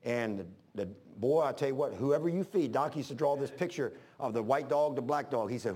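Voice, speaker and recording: A man preacher telling a sermon story, emphatic and swinging between loud and hushed. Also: mid-range voice, fairly quick, hardly any pauses, slightly rough.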